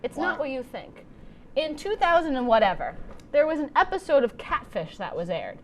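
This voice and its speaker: A woman's voice: high voice, sing-song, fairly quick, a little hiss or hum. A young adult woman hosting a comedy show, delivering a playful, exaggerated monologue.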